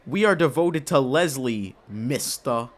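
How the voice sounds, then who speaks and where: A man voicing a guarded young male character in a visual novel, measured and deadpan. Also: medium pitch, lightly acted. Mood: suspicious.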